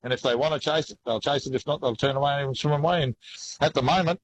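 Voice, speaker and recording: A man with an Australian accent, chatting casually about fishing in a relaxed, folksy way and calling people "mate". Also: medium pitch, quick pace, breathy edge, poor audio. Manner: laid-back, folksy sayings, says "mate" often. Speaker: fishing guest. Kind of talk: casual chat.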